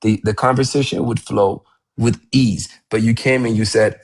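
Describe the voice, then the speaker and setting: A male English teacher hosting a live session, talking in a lively, encouraging coaching manner. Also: lowish voice, moderate pace.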